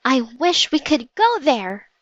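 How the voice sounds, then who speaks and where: A woman's voice: high-pitched, takes it slowly, dry recording, muffled recording, voice pushed up, heavily acted. A woman voicing a bold, eager young girl in a storybook, crying out urgently. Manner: urgent, excited cries.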